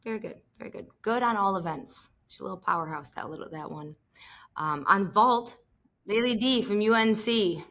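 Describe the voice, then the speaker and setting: A woman's voice: mid-range voice, moderate pace, sharp tone. A woman co-hosting a sports podcast in casual chat, enthusiastic and playful as she gushes. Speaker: podcast co-host.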